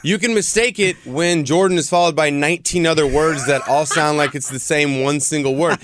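Male radio co-host, fairly high, animated, joking banter, audible noise. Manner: animated, joking, quick laughs.

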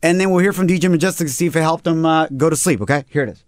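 A man's voice: a little high, very fast, dry recording, clean studio sound. A man hosting a morning radio show, chatting casually and laughing with his co-hosts. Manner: upbeat, storytelling, laughs often. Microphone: studio broadcast mic.

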